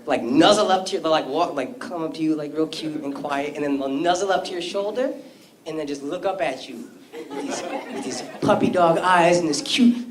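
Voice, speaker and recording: A man doing stand-up comedy and loud, slangy crowd work in front of a live audience. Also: high-pitched. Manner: loud, animated, slangy banter. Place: comedy club stage before a crowd. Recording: roomy live club sound with crowd noise.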